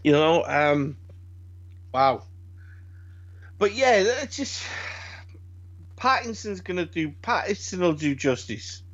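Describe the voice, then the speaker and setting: A British man in casual chat, rambling and animated, swearing freely and restarting his sentences. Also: a little high, takes it slowly, pauses often. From Britain. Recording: dull lo-fi sound.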